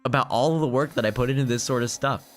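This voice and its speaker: A man's voice: mid-range voice, fast talker. A young man, a teacher, chatting earnestly on a live game stream, laughing and getting emotional as he thanks his viewers. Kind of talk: casual live-stream chat.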